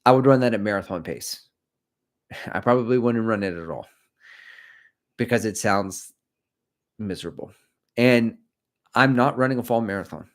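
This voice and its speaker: A man's voice: on the low side, normal speed, pauses often. A middle-aged man hosting a running livestream, chatting casually, cracking jokes and reading out viewers' comments. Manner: rambling, jokey, reads out chat comments. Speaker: running channel host.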